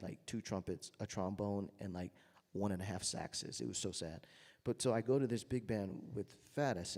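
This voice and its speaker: A man's voice: fairly low pitch, big-room sound. A man, a jazz trumpeter, telling anecdotes to an audience and acting out the voices he quotes. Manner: storytelling, acts out quoted voices loudly.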